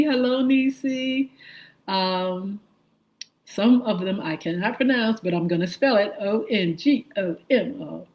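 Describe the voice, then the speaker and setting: Slow-talking woman host greeting viewers. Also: a little high, poor audio. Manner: slow, friendly, spelling out usernames and greeting viewers one by one. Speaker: radio and livestream show host. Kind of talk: live-stream viewer shout-outs.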